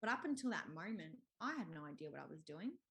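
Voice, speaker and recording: A woman's voice: low-pitched, very animated, fast, vocal fry, fairly bright tone. A woman, talking openly and casually as a podcast guest, with lots of fillers and light laughter. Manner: open, chatty, frequent fillers and laughs. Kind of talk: candid conversational interview.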